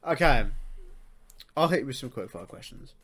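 A young man hosting a podcast in casual chat, loud, swearing and laughing often. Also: medium pitch, lively intonation, moderate pace, husky. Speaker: podcast host.

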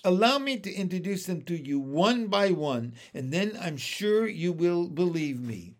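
A man's voice: high-pitched, animated, measured pace. A man voicing a cheerful, friendly young boy who reciting rhymes eagerly in a storybook reading. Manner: bright and eager.

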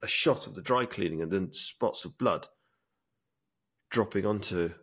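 A man's voice: sits low, a little slow, a bit bright, husky. A man chatting casually as a podcast co-host, eagerly retelling a movie scene in detail. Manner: enthusiastic storytelling, acts out film lines. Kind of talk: casual chat.

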